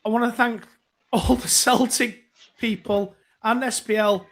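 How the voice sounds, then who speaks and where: A chatty man with a rather high voice hosts a casual live phone-in. He rambles along as he reads out viewer comments, filling gaps with ums and asides. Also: fairly even intonation, measured pace, crowd noise. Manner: chatty and rambling, many fillers. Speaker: host reading viewer comments.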